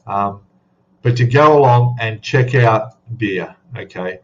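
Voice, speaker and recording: An Australian man hosts a casual live stream, rambling in a chatty way and greeting viewers by name. His lowish voice takes things slowly, and the sound is lo-fi.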